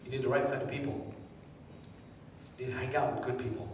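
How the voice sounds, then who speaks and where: A man giving a live seminar, quizzing the audience and telling anecdotes in a lively way. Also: mid-range voice, quick pace, slight background noise. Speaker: motivational speaker. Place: large hall with a live audience. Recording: echoey hall, distant mic.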